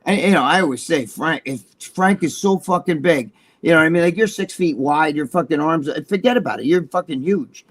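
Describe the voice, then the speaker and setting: A man co-hosting a casual chat show, telling stories in an excitable, profane way with many restarts. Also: on the high side, fairly quick, hardly any pauses. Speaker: co-host.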